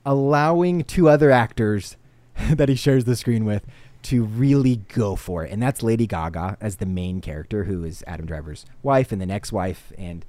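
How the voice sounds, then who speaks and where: A man's voice: fairly low pitch, normal speed, dark tone, no room sound. Rambling man chatting about films, dry sound. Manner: rambling and enthusiastic, many restarts. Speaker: podcast co-host. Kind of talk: casual film review chat.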